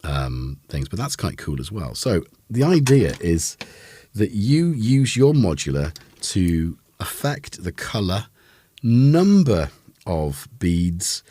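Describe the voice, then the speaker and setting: A man's voice: sits low, big pitch swings, takes it slowly, dark tone, breathy edge, dry recording. A man hosting a casual live synth demo, rambling with lots of fillers and self-corrections. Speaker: host of a synth livestream.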